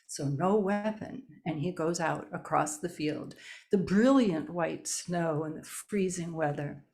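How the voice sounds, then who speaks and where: Slow, deliberate woman storyteller. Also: fairly low pitch, a little mellow. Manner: slow, deliberate, with long pauses. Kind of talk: live oral storytelling. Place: storytelling event indoors.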